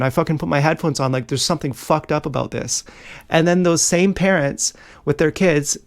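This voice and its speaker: A young man talking in a rambling, agitated monologue, swearing often and jumping between worries. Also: a little high. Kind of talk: casual monologue vlog.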